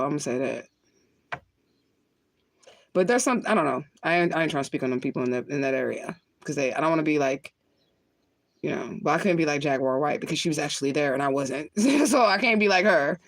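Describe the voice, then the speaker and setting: A woman's voice: low-pitched, a little fast, no echo. Blunt, profane woman chatting on a livestream. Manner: blunt, profane, laughs often. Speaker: spiritual medium livestreamer. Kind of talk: casual livestream chat reading comments.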